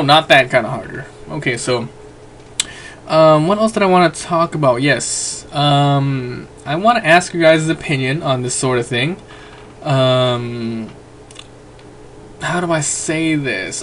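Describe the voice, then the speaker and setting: A young man chats loosely to the camera from home, rambling and circling back with plenty of fillers. His voice sits at an ordinary middle pitch, and a faint hum runs underneath the recording. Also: fairly bright tone. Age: young adult. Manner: rambling, chatty, lots of fillers. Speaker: vlogger. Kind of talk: casual vlog rant.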